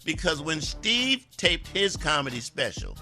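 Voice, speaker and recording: A male comedian on a radio morning show, talking about himself in a halting, self-deprecating way. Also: on the high side, big pitch swings, pushed and bright, soft background music.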